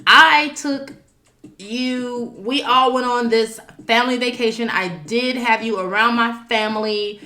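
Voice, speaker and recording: A woman's voice: fairly high pitch, unhurried, sharp tone. A woman giving a casual tarot reading, talking in a loose, chatty way with fillers and asides. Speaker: tarot reader. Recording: roomy echo with faint background music. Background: faint music.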